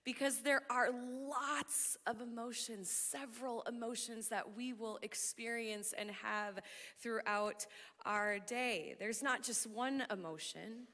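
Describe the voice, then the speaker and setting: Bright-voiced woman preaching in a church. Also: fairly high pitch. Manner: animated, loud when excited, laughs often. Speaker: church speaker. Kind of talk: sermon. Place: church auditorium. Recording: long hall reverb.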